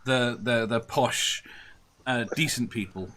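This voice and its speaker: Bright-voiced man reading out comments. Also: mid-range voice, takes it slowly. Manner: laughs often, reads comments aloud. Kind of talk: casual joking chat, reading viewer comments.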